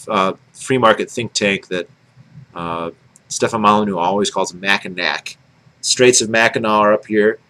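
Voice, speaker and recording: A man with a Michigan accent talks to his camera in a loose, wandering way, stopping to correct himself and filling gaps with "uh". His voice sits a little low. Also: a bit bright, rough recording. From Michigan, United States. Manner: rambling, musing, many fillers and self-corrections. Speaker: video blogger. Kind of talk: casual talk to camera.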